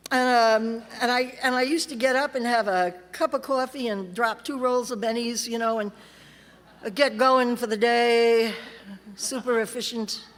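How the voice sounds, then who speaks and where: Her fairly high voice stays steady and measured as this California woman tells a convention crowd her recovery story. She's wry and direct, mimicking those she quotes, and the large hall adds heavy reverb.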